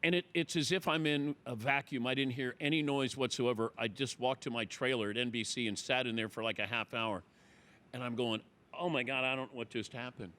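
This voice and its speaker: A middle-aged man hosting a talk show, telling a story in casual chat and acting out the people he quotes with loud, high exclamations. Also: fairly quick. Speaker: radio show host.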